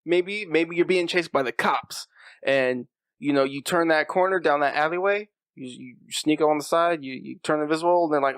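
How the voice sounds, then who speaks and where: A man's voice: fairly high pitch, moderate pace, fairly bright tone, smooth, no echo. A man co-hosting a casual podcast, reading out questions and playfully arguing for his picks.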